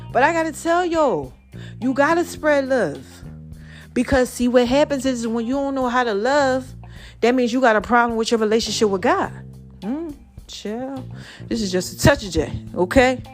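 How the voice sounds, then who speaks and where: Tired, preachy woman podcast host. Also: fairly high pitch. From Brooklyn. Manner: animated and preachy, with slangy direct address and sung snatches. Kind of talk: motivational podcast monologue.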